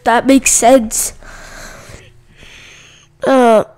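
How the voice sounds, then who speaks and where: A woman hosting a gaming channel, giving casual let's-play commentary, chatting to her viewers and yelling at game characters. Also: a little high, little pitch movement, extremely slow.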